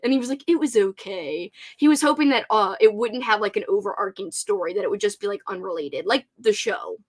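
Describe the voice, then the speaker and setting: A woman's voice: medium pitch, fast talker, husky. A woman hosting a casual reading livestream, gushing and laughing often as she answers viewer comments. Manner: bubbly and gushing, laughs often, many "like" fillers.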